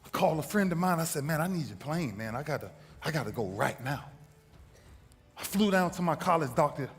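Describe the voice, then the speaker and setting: A high-voiced man tells a story with wild swings of pitch, building each point through emphatic repetition. His voice rings out with a long reverb, and soft music plays underneath. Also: animated, brisk. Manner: emphatic, repeats phrases for rhythm. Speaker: motivational speaker. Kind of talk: dramatic storytelling speech. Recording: reverberant hall with faint music.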